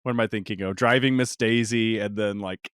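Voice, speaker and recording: A young man co-hosting a movie podcast, playful with quick quips. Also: lowish voice, fairly even intonation, fairly bright tone, smooth, dry recording, clean studio sound. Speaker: podcast co-host. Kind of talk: casual movie podcast chat.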